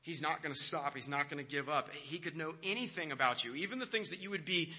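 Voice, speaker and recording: A man's voice: fairly high pitch, fast talker, sharp tone, slightly rough. A young American man, a pastor, giving a conversational sermon full of self-deprecating stories and restarts. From United States.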